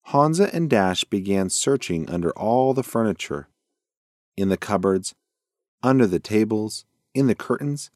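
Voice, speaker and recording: Lively low-voiced man reading a story. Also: a little slow, no room sound, studio quality. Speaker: narrator.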